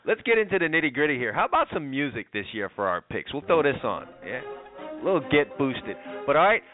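A man's voice: medium pitch, very animated, fast, faint music behind. A man co-hosting a sports talk show, teasing his partner in a joking way. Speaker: co-host. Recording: dry, phone-like line.

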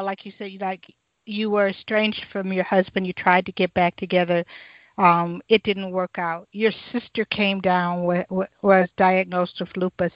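A woman's voice: mid-range voice, no room sound. A woman hosting a radio interview show, talking in a conversational, chatty way. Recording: dry, dull lo-fi radio sound.

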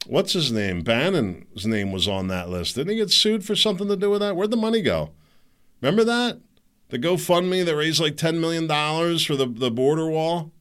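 A man's voice: a little high, a bit bright, clean tone. A man hosting a podcast, delivering a rambling, sarcastic and indignant political commentary monologue. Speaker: podcast host.

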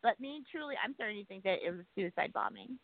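A woman's voice: mid-range voice, gravelly, no echo. A woman in casual chat, ranting and swearing freely, easily worked up. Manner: profane, excitable, rants fast. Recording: tinny phone line.

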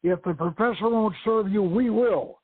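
A man's voice: sits high, moderate pace, husky, pitched above the performer's own voice. A man reading aloud, voicing a menacing male terrorist leader who barks threatening orders, over a tinny phone-like radio line.

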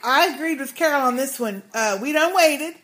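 Woman with a high voice retelling a tv episode on a podcast, doing the characters' lines. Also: normal speed, fairly bright tone. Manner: storytelling recap, acting out characters' lines. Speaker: podcast co-host. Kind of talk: casual TV recap chat.

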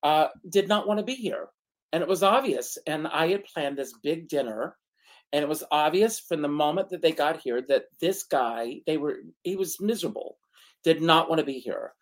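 A man's voice: a little high, expressive, moderate pace. A man co-hosting a talk show, telling a personal story with dramatic flair and laughing through the sad parts. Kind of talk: casual chat, personal storytelling.

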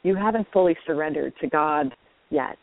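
Kindly, insistent old churchgoing woman, coaxing and gentle, as a woman retells her, tinny phone audio. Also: low voice, normal speed.

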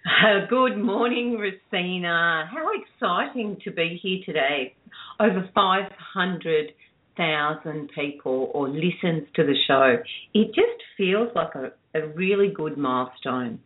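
A woman's voice: fairly low pitch, takes it slowly. Older woman chatting over a tinny phone line. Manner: chatty storytelling, laughs often. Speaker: interview guest, radio producer. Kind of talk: casual interview chat.

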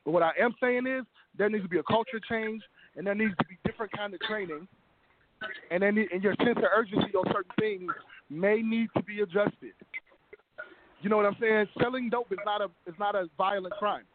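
A man's voice: sits high, fairly quick, a little hiss or hum. Insistent man on a tinny phone line. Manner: insistent, argumentative. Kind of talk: casual debate.

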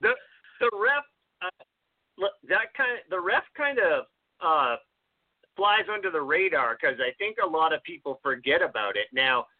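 A man's voice: a little high, expressive, moderate pace, no echo. A man co-hosting a casual film podcast, talking in a rambling, hesitant way with lots of fillers. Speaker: podcast co-host. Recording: thin phone-like audio, dry.

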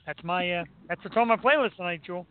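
A man hosting a casual chat about music, goofy and quick to break into silly imitations. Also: sits high. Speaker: podcast host. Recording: tinny phone-line sound.

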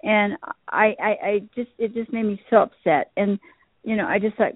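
A woman's voice: medium pitch, brisk, husky, no echo. A woman guest on a call-in show, telling stories in an earnest, emotional way. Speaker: guest, shop owner. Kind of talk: casual interview chat. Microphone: phone call. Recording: dry tinny phone line.

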